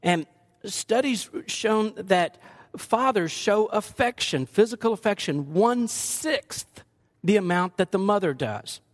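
A man's voice: high-pitched, expressive, takes it slowly. An older man, preaching a sermon as pastor, joking asides with the congregation.

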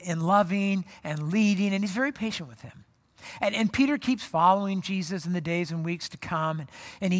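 Pastor, casual animated sermon, storytelling with restarts, reverberant worship hall. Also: medium pitch.

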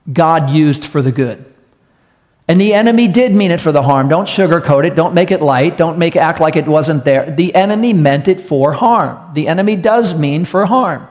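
A man serving as pastor preaches an earnest, storytelling sermon, leaning on repeated key phrases for emphasis. His voice is a little high and darkish, at a moderate pace. He speaks to a congregation in a church hall with an audience, with long hall reverb on the recording.

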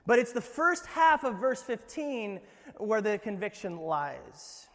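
A man preaching a sermon in a conversational, joking way, with quick asides to the congregation. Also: high voice, sing-song, a bit bright, in a large hall. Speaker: pastor.

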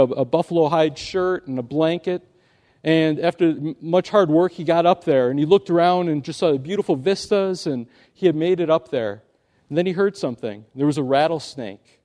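A pastor with a warm, somewhat high-pitched voice preaches an earnest sermon. He tells a story and drives his points home with rising emphasis.

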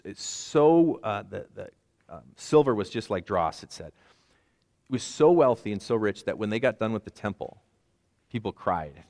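A man's voice: lowish voice, a little mellow, long reverb tail. A man in his forties preaching a conversational sermon with self-deprecating asides. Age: 40s. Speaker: pastor.

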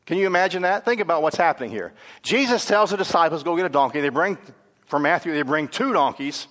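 A man preaching a sermon, lively and conversational, moving between animated questions and hushed, grave passages. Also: a little high, brisk, long reverb tail. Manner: self-correcting, laughs at own stumbles.

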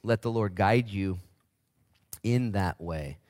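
A man in his forties preaching a sermon as pastor, animated and jumping into high voices to act out the people he quotes. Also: slow.

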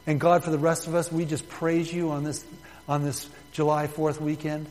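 A man pastor leading a fervent closing prayer in a church, pleading, his voice swelling loud and dropping soft. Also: on the high side, completely flat delivery, normal speed, long reverb tail. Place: church building.

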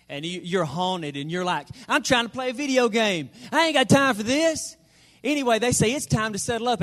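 A man delivers a sermon in a folksy, joking way. His voice sits high. He slows right down when he wants a number or a point to land. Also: a bit bright. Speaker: pastor.

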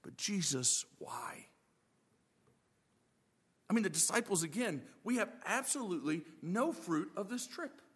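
A man preaching a lively sermon, acting out the disciples' voices with joking asides. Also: sits high, a little fast, hardly any pauses, husky, big-room sound. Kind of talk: animated sermon.

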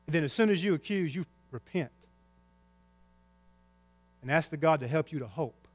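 Guy preaching a sermon, pretty high voice, gets loud and passionate, echoey church hall. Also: expressive, normal speed, long pauses. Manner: impassioned preaching with big swings in pitch and loudness. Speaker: pastor.

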